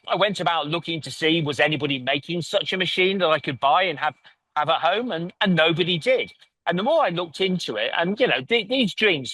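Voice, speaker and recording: A man's voice: a little high, a bit bright, no echo. An English man, a company founder, talking earnestly in a remote interview and often restarting his sentences. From England. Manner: earnest, restarts and repeats words. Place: lives in Italy, remote call.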